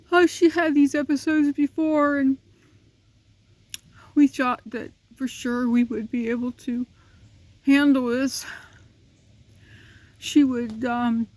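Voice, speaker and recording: A woman talking casually to the camera beside her dog's pen, tearful and grieving, speaking haltingly with many pauses and restarts. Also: high voice, darkish tone. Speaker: pet owner vlogger. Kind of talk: casual personal vlog.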